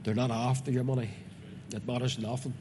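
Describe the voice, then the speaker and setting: With a mellow, medium-pitched voice and a level tone, a Northern Irish preacher talks fairly quickly as he reads scripture and explains it earnestly and conversationally to his congregation. There's a little hiss or hum, and the recording comes from a reverberant hall with faint ambience.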